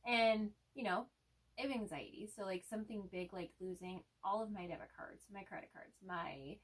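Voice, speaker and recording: A woman's voice: medium pitch, normal speed, distant mic, low-quality recording. A woman co-hosting a casual chat, rambling anxiously through stories and laughing often. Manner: rambling, nervous storyteller with frequent laughs. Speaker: co-host.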